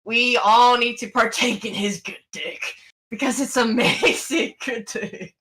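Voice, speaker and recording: A woman co-hosting a podcast, telling a story in a casual, animated way full of restarts. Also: on the high side, measured pace, poor audio. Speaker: podcast co-host.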